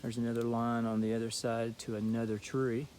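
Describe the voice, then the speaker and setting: A man with a Southern Georgia accent telling a story outdoors as he hikes, in a relaxed, reflective vlog manner. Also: mid-range voice, brisk, slight background noise. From southern Georgia, USA. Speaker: thru-hiker vlogger. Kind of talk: casual trail vlog talk. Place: outdoors on a hiking trail.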